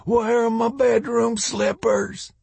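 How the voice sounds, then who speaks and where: A man voicing a confused elderly man who calls out loudly in a high, quavering voice. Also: little pitch movement, slow pace, vocal fry, breathy edge, no room sound, heavily acted. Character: confused old man, stuttering and rambling.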